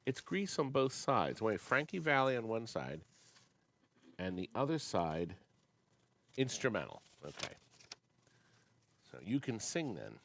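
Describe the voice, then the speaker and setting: Older male host, easygoing slow talker, lively up-and-down delivery, reads labels and hums tunes. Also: fairly low pitch, vocal fry. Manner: chatty, reads labels aloud and hums snatches of songs. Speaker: host of an amusement sales company show. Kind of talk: casual chat, sorting through old records.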